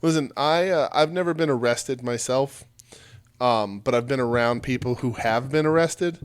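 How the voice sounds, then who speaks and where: A man's voice: medium pitch, normal speed, clear, resonant tone. A man co-hosting a podcast, chatting casually and joking about wrestling, rambling and swearing freely. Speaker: podcast co-host.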